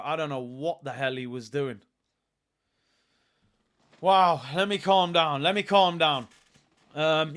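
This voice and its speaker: Lads' football streamer, high pitch, excitable, shouts at near-misses. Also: male voice, clean tone. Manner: excitable, erupts into shouts at chances; slangy, chats to stream viewers. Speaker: football watch-along host. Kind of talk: live match reaction commentary.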